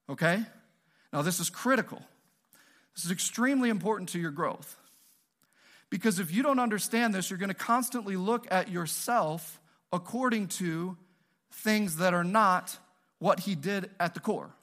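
A male pastor preaching a sermon in an animated, joking, conversational way, often asking the audience questions. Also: high voice, normal speed.

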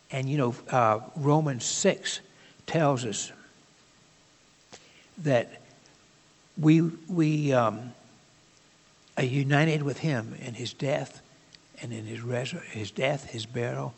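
Male preacher, husky voice, chatty sermon delivery with halting asides, big reverberant hall. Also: medium pitch.

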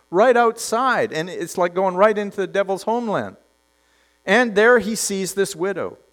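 Brief: animated male preacher, storytelling sermon, expressive swings in pitch. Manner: animated storytelling, acts out characters, drops to quiet emphasis.

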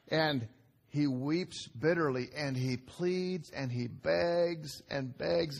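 Male pastor, slightly higher voice, conversational sermon delivery with rhetorical questions and hushed asides. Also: slow, creaky. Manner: swings between raised emphasis and quiet low asides.

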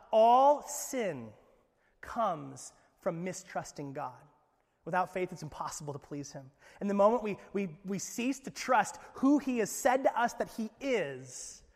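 A man's voice: high voice, expressive, takes it slowly, gravelly, in a large hall. A man preaching a sermon as pastor, in an emphatic, conversational way.

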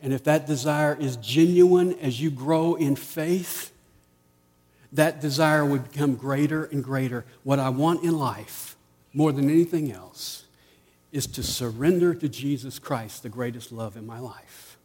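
A man preaching a sermon as pastor, rising to emphatic peaks and dropping to quiet asides. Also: medium pitch, a little slow, slightly rough, long reverb tail.

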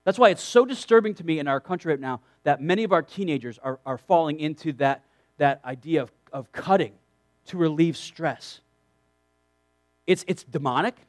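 A man with a high voice preaches a sermon to a room of young people. His delivery swings widely up and down as he reads scripture and stops to drive points home with emphatic asides. The sound is dry and close. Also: expressive, normal speed, dry recording. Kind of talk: sermon to a youth group.

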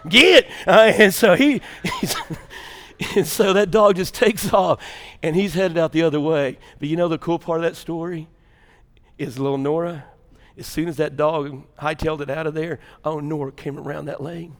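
An older man preaches a sermon in a church, voice sitting a little high for a man. He tells folksy stories and swings between loud, animated bursts and hushed, intense stretches. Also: moderate pace, in a large hall. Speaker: pastor.

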